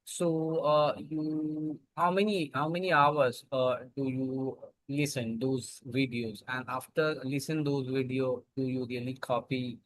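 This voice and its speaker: A man with an Indian accent in a casual English practice chat, halting and searching for his words. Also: medium pitch, fairly even intonation, no room sound, poor audio.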